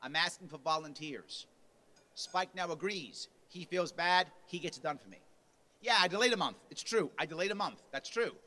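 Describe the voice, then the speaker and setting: A man's voice: fairly high pitch, lively intonation, normal speed, bright, forceful tone. A man giving a punchy motivational speech at a party convention, acting out quotes with a raised voice. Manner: punchy, acts out quotes with rising volume. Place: convention lunch hall.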